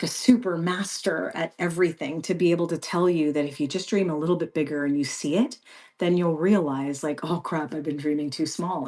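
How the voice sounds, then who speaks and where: A woman hosting a casual live stream who speaks straight to her viewers. Her voice sits a little low, and her chat is effusive and encouraging. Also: darkish tone. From Canada.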